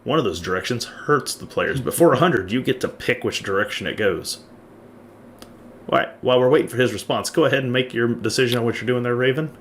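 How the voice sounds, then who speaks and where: A man's voice: mid-range voice, brisk, slight background noise. A man running a tabletop role-playing game as game master, narrating and laughing often.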